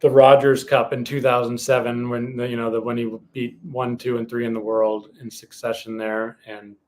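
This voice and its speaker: A man with a mid-range voice talks casually as a podcast co-host. He hesitates often and fills the pauses as he thinks aloud. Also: medium pitch, little pitch movement, darkish tone. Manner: hesitant, many fillers and restarts. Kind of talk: casual chat.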